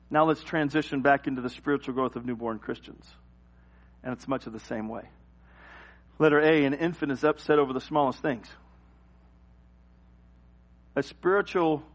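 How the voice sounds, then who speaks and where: Animated storytelling preacher, man. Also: a little high. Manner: animated storytelling, acts out scenes and cries. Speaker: pastor. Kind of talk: sermon with personal stories.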